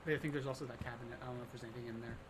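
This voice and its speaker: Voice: medium pitch, fairly even intonation, racing, noisy background. A co-player on a call who chats offhandedly, laughs, and hedges a lot. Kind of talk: casual gameplay chat.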